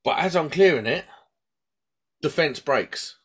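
A man's voice: fairly high pitch, a little slow, husky. Chatty British man telling a story. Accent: British English. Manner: rambling and animated, acts out voices in his stories. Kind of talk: casual chat, storytelling.

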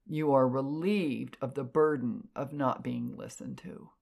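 A woman clairvoyant telling stories in an animated, expressive way. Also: a little slow, gravelly. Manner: animated, expressive, jumps in pitch for emphasis. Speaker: clairvoyant podcast guest. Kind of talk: casual storytelling.

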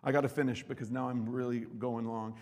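A man preaching a sermon with passion, swinging between loud declarations and hushed asides. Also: mid-range voice, little pitch movement, brisk. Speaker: pastor. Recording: long reverb hall.

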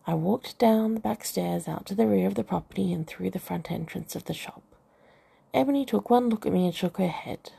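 A woman reads a first-person novel with a wry, self-mocking touch. Her voice is heavy with gravelly fry and a husky, breathy edge. The tone stays dark and mellow throughout. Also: mid-range voice, brisk. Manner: wry, dry humour. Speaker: audiobook narrator.

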